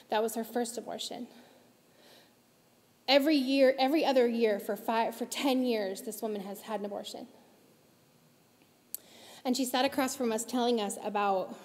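A woman's voice: fairly high pitch, a little mellow. A woman giving an impassioned, emotional talk to a church congregation, pressing her points with urgent emphasis. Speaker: church speaker. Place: large church auditorium. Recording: long hall reverb from a church auditorium.

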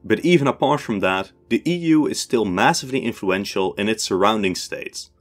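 A man in his twenties with a Dutch accent, hosting a history channel and reading out viewer questions and his answers in a measured, scripted way. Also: on the low side, lively intonation, soft background music. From Netherlands. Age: 20s. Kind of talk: scripted Q&A narration.

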